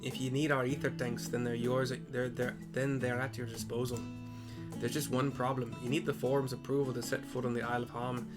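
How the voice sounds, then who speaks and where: A man voicing a blunt, gruff male engineer in a rough, pirate-like mock Scottish brogue, stumbling and repeating himself. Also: medium pitch, flat delivery, a little fast, over music, natural voice.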